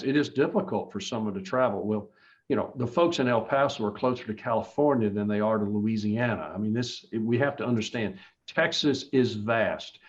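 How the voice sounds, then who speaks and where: A male political candidate answers interview questions earnestly and emphatically, often restarting his sentences. His voice is mid-range, and the recording has its highs cut off.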